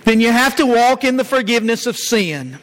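A man preaching a sermon as pastor, earnest, dropping low and slow to stress key lines. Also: lively intonation, a bit bright.

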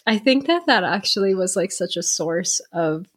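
A woman's voice: mid-range voice, animated, moderate pace, husky. A woman co-hosting a podcast in casual chat, with dry teasing humor. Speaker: podcast co-host.

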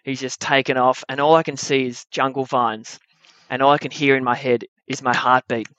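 A young man telling a true adventure story at a live story slam, wry and animated, with comic timing. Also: medium pitch, normal speed, no echo, muffled recording.

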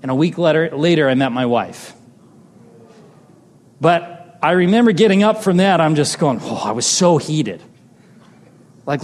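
A man telling a personal testimony as a sermon, animated, moving between loud exclamations and hushed tender moments. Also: a little high, normal speed, long pauses. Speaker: preacher sharing a testimony. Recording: long hall reverb.

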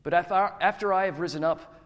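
A man reading the grave, sorrowful words of a male teacher in a slow, deliberate way, with a long hall reverb. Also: high-pitched, lightly acted. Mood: urgent.

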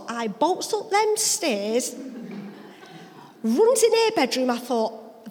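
A woman's voice: very high voice, slow, long pauses. A woman pastor from England, telling her life story as an interview guest in a church, acting out the voices of people in it. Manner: lively dialect storyteller, acts out voices. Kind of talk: personal testimony storytelling. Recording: reverberant church hall.

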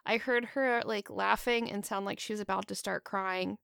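A woman's voice: mid-range voice, fairly even intonation, moderate pace, gravelly, a bit bright, clean tone, no room sound, studio quality. A woman co-hosting a comedic podcast, teasing and amused in casual chat. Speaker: podcast co-host.

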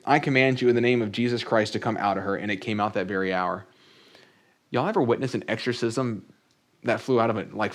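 Male pastor, middle pitch, chatty sermon with scripture readings and humor. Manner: conversational with joking asides; reads scripture aloud.

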